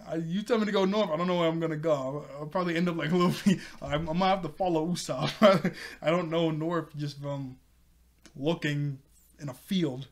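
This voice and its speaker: A man recapping an anime episode in a rambling, casual way, chuckling often and leaning on fillers. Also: fairly high pitch. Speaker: anime review host.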